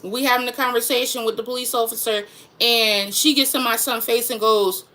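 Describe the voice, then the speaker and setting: Frustrated woman with a bright voice. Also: on the high side, steady tone, brisk. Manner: frustrated, emphatic, repeats herself. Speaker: mother, vlogger. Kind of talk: venting to camera.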